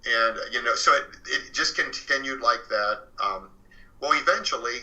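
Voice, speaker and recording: A man speaks as a guest on a radio show. His voice is strikingly bright and sharp at a middle pitch. He tells a true story in a loose, rambling way, filling the gaps with "you know" and starting sentences over. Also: moderate pace, low-quality recording. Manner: rambling, fills with "you know" and restarts, retells others' words. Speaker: guest author recounting a haunted house. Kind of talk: casual spoken storytelling. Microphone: phoned or studio radio interview.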